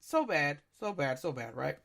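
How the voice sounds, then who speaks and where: A man in his thirties telling a story in casual podcast chat, acting out his own reactions with loud shouts. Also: high-pitched, lively intonation, unhurried. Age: 30s. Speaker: podcast co-host.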